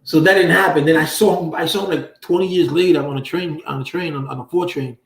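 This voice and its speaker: A man's voice: on the high side, fairly even intonation, fast talker, recorded from a distance. A man hosting a casual livestream, telling stories in loose, profane street slang from a room at home. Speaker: livestream host. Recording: roomy echo.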